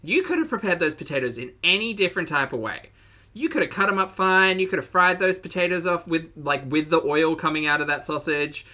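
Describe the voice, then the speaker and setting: Brief: woman streamer with a Southern US accent, bright tone, casual reaction chat, laughs a lot and greets viewers. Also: fairly low pitch, a little fast. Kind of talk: casual live-stream commentary.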